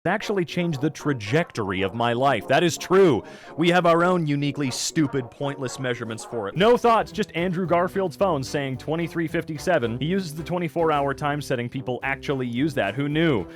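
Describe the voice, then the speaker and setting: Sarcastic American man, lively pitch. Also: a little fast. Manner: sarcastic, swears and mocks. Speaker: reaction video narrator. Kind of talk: reading posts aloud and commenting.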